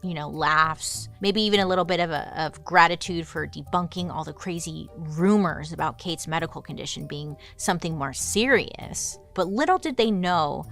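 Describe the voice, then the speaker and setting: Woman hosting a true crime podcast, bright voice, lowish, chatty with lots of likes. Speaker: podcast host. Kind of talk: casual true crime storytelling.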